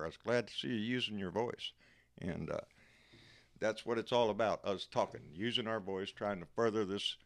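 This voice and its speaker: A man with a Texan accent hosts a live stream, making casual, folksy chat and calling viewers "buddy" and "baby." His voice is on the low side and a bit bright.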